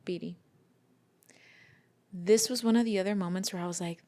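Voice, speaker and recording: A woman's voice: medium pitch, moderate pace. A woman co-hosting a casual book podcast, retelling scenes animatedly and slipping in Spanish phrases. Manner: animated retelling, acting out quotes. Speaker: podcast co-host.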